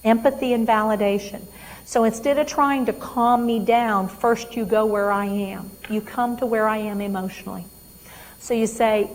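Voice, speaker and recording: A woman's voice: fairly high pitch, fairly even intonation, moderate pace, in a large hall, rough recording. A woman trainer giving a live talk on dementia care, emphatic and quizzing her audience.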